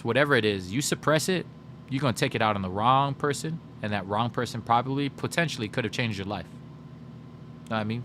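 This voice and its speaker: Over a slight hiss or hum, a gaming livestreamer with a medium-pitched male voice chats casually. He's an animated storyteller who curses freely and addresses his viewers directly, responding to what they write.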